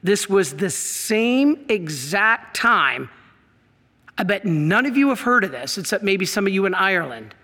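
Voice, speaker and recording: A man, a priest, telling a story in an animated talk, laughing and acting out the quotes. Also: high voice, unhurried. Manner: lively, laughs, acts out quotes, excitable. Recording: long hall reverb.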